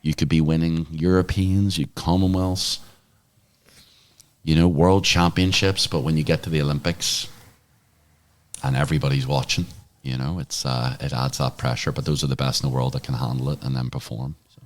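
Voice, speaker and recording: A man's voice: very deep voice, steady tone, moderate pace. A man, a former swimmer, telling stories chattily as a podcast guest. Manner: chatty storyteller, many fillers. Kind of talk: casual interview chat.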